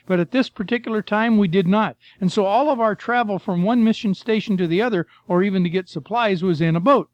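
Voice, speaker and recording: Older male preacher, folksy and storytelling, high voice, muffled dry sound. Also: dry recording. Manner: folksy, storytelling, addresses listeners as folks and friend. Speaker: preacher, former missionary. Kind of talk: sermon with Bible reading.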